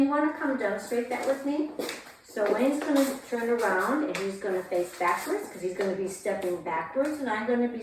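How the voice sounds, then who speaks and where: A woman's voice: medium pitch, darkish tone. A woman teaching a beginner dance class, calling out counts in a sing-song rhythm as she explains each step. She is recorded from a distance in a very echoey room, with a faint hiss behind her. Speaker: dance instructor. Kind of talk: instructional dance tutorial.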